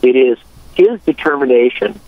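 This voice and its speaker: Earnest male guest analyst, expressive pitch, lo-fi dry line. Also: moderate pace, dry recording. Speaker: political correspondent guest. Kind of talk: political analysis.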